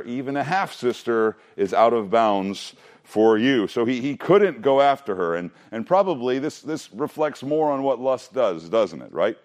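A man's voice: mid-range voice, a little mellow. A man preaching a sermon in a conversational way, adding wry joking asides to the congregation. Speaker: pastor.

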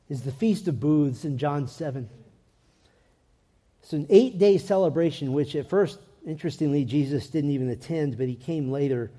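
A man's voice: fairly high pitch, mellow. A man preaching a sermon in an earnest way, his voice rising and swelling when he reads scripture aloud.

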